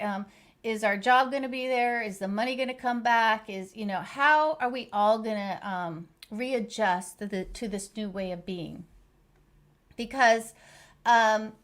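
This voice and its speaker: A woman's voice: on the high side, a bit bright. A woman hosting a live stream as a life coach, talking in an earnest, encouraging way with many fillers and restarts.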